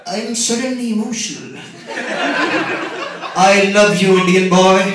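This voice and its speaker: A young man doing a stand-up comedy set, animated and sarcastic as he rants. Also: sits high. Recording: echoey, distant, noisy live recording.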